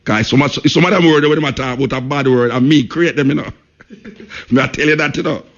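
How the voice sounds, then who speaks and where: A man's voice: medium pitch, brisk, highs cut off. A man with a Jamaican accent hosting a radio talk show, speaking emphatically, repeating points and saying "you know" often.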